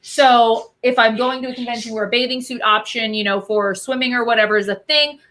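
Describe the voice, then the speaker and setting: Woman, cosplayer guest, bubbly and chatty, bright fairly high voice. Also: steady tone, brisk. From Albuquerque. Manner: bubbly and chatty, answering viewer questions. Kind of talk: casual chat.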